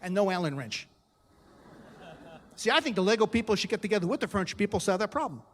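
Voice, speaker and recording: Middle-aged guy doing stand-up on a club stage, highish voice, punchy jokes, roomy hall echo. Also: big pitch swings, quick pace. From United States. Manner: punchy joke delivery with crowd asides. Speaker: stand-up comedian. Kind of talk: stand-up comedy set.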